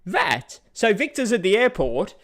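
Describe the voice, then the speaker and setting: A middle-aged Australian vlogger rants bluntly and casually about how people react to words, mocking others in high put-on voices. He sounds very animated yet unhurried, with a slightly bright tone.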